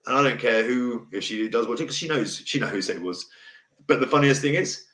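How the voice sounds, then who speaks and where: A man talks straight to his live viewers, frank and heated, swearing freely. His voice sits at an ordinary middle pitch. The room around him rings with a noticeable echo. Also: animated, fairly quick, fairly bright tone. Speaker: livestream host. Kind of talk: casual live chat answering viewers. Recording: roomy echo.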